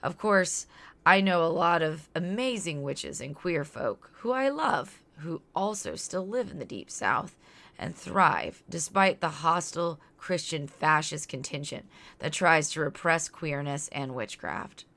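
A woman from Louisiana reads her podcast script aloud with a low, deep voice. She sounds earnest, reflective and outspoken, like a host sharing personal thoughts with her listeners. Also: expressive, measured pace, gravelly, fairly bright tone. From Louisiana, near New Orleans.

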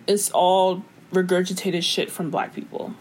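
A woman's voice: fairly low pitch, little pitch movement, unhurried, darkish tone. A young woman co-hosting a casual chat, exasperated and slangy as she vents. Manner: exasperated, slangy, agreeing and venting.

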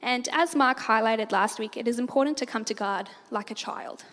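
A woman speaks to a church congregation, her voice sitting a little high. She tells stories in an animated way and laughs easily. Her voice rings out in a hall with a long reverb. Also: moderate pace. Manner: animated storyteller, laughs often.

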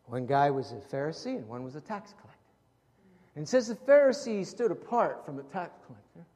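A man preaching a sermon in an animated way, acting out scenes from the Gospels in different voices. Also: a little high, a little fast. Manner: animated, acts out Bible scenes with shifting voices. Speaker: pastor. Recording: long hall reverb.

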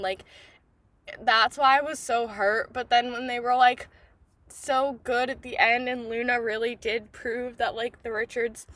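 A young woman hosting a podcast, gushing excitedly about a book in casual chat, swearing freely and saying "like" a lot. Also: sits high, dry recording. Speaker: podcast host.

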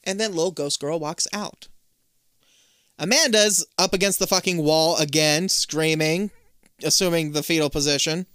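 A man co-hosting a casual chat, recapping an episode in an animated way and acting out the characters' lines. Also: on the high side, normal speed, smooth, no room sound, studio quality. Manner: animated storyteller acting out quotes. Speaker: podcast co-host.

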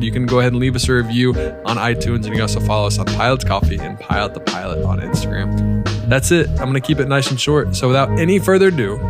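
A man hosting an aviation podcast, upbeat and quick to laugh. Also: mid-range voice. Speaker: podcast host.

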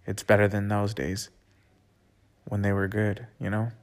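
A man telling a personal story in a loose, casual way, swearing often and filling pauses with "like" and restarts. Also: fairly low pitch, completely flat delivery. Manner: loose and profane, with frequent "like" fillers and restarts. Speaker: storyteller recounting his own experience. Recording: clear music playing under the voice. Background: music.

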